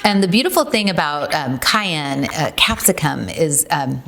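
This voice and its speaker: Low-voiced woman from ukraine doing a chatty recipe demo, lots of ums. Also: animated, normal speed, gravelly, a bit bright. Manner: chatty, many ums, laughs at herself. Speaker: tea company founder demonstrating a recipe.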